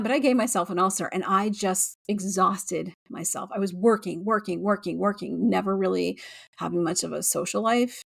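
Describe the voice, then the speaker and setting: A woman's voice: fairly low pitch, gravelly, dry recording, studio quality. A woman in her forties, a podcast host, speaking candidly and frankly in a rambling personal monologue with frequent fillers and restarts, near tears at times and swearing freely.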